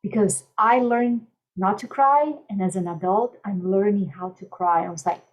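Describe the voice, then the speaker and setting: A woman life coach speaking gently and soothingly in a podcast interview, softly repeating calming mantras. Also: mid-range voice, moderate pace, muffled recording.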